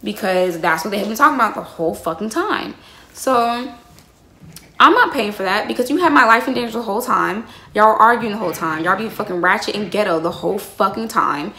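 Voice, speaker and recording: A woman's voice: medium pitch, animated, a little fast, bright, forceful tone. A young woman telling a heated, profanity-laced story to her viewers, calling them y'all. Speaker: vlogger. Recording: roomy echo.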